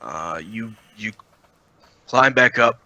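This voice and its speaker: A man runs a tabletop game as dungeon master, taking his time over each description. His voice is sharp and very bright. The sound is dry and close, with no room around it. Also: fairly low pitch, lively intonation, no room sound, poor audio. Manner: halting, with frequent "uh" while describing.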